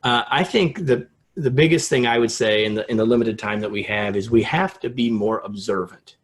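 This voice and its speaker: A middle-aged man from the United States, a guest in a casual interview, telling a story with lively acted-out quotes. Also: brisk. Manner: animated storyteller, acts out quotes with rising pitch.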